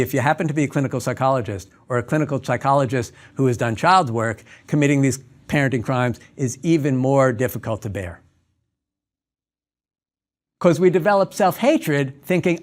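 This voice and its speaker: Brief: male speaker with a slightly high voice, giving a lecture through stories. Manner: storytelling, acts out dialogues. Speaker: clinical psychologist. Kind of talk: lecture talk.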